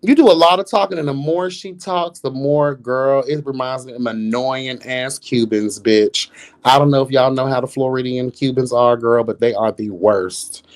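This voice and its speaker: A man's voice: mid-range voice, moderate pace. A man hosting a live reality TV review, roasting cast members in a sassy, profane way and laughing often. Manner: sassy, profane, calls everyone girl and bitch. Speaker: reality show commentator, host.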